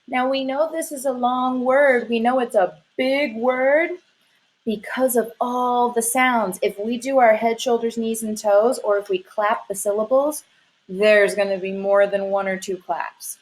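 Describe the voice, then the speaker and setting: A woman teaching a lesson to young children in a sing-song, encouraging way, drawing her words out. Her voice sits a little high, and she talks slowly and patiently, recorded on a laptop mic at home. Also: fairly even intonation, low-quality recording.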